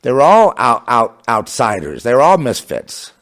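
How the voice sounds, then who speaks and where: A man gives an impassioned religious monologue in a fervent, mocking tone. His pitch swings widely from low mutters up to high, scornful exclamations, around a middle-range voice. He often breaks into derisive laughter. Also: wildly swooping pitch, moderate pace, a bit bright. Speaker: religious commentator.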